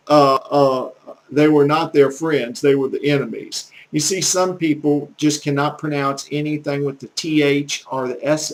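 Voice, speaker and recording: A man from the American South with a country accent, teaching basic French phrases in a slow, halting way full of pauses and repeats. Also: on the high side. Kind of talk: casual home video lesson.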